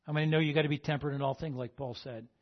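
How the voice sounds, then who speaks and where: Husky male pastor preaching. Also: a little high, steady tone, rapid-fire, lo-fi sound. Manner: call-and-response, repeating "amen?" to the congregation. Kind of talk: sermon.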